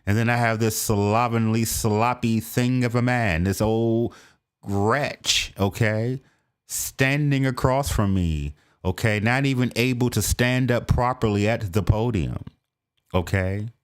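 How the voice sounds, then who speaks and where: Slow, low-voiced American man reacting. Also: clear, resonant tone. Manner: animated, mocking asides. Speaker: video reactor. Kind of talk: casual reaction commentary.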